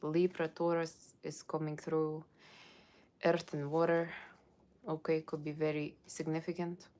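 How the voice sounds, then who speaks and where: A woman's voice: low-pitched, little pitch movement, measured pace, warm tone. A woman voicing a brash, sassy fortune-teller with a put-on Russian accent, giving a blunt tarot reading with teasing asides to viewers. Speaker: tarot reader. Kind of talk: Halloween tarot reading in character.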